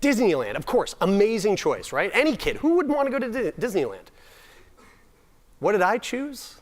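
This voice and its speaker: A man's voice: high-pitched, big pitch swings, moderate pace. Self-mocking young man telling stories on stage. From Nova Scotia, Canada. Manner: self-deprecating, comic timing, frequent restarts. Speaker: summit speaker. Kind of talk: humorous personal storytelling talk.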